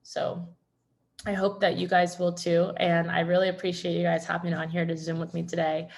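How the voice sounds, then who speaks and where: Gravelly-voiced woman coaching on a video call. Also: fairly low pitch, little pitch movement, normal speed. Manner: gentle, reassuring, reflective. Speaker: host of a members' video call.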